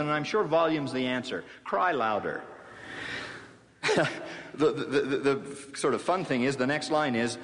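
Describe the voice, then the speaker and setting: A man delivers a sermon in a wry, playful storytelling manner, mixing scripture reading with dry jokes. His voice sits fairly high and moves animatedly up and down. The sound carries a long hall reverb over faint background ambience. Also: big pitch swings, normal speed, a bit bright, a little hiss or hum. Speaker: speaker giving a scripture talk. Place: large hall or tabernacle.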